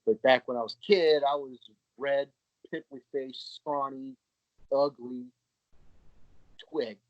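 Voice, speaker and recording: Speaking slowly in a mid-range voice with fairly even intonation, this man sounds dry, with no room sound, and slightly muffled as a podcast guest. His casual storytelling is frank, profane, and chatty, and he frequently mimics the voices he quotes.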